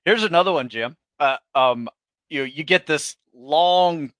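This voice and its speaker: A man co-hosting a casual business chat, telling a story in a relaxed, conversational way. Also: fairly high pitch, unhurried. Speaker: podcast co-host.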